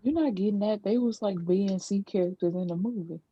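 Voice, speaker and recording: A woman's voice: mid-range voice, fairly quick, husky, dull audio. A woman co-hosting a casual chat podcast, matter-of-fact and skeptical. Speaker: podcast co-host.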